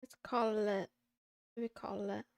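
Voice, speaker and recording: Slow, gravelly-voiced woman streamer. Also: mid-range voice, little pitch movement, darkish tone, dry recording. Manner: mutters to herself, playful meows and silly sounds. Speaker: VTuber streamer. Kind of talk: casual livestream chatter while studying.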